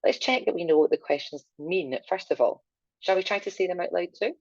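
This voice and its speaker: A low-pitched woman leads a video language lesson in a slow, clear and encouraging way, pausing so learners can repeat after her. The sound is close and dry, with a slightly dull, lo-fi tone. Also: darkish tone, no echo. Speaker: language teacher.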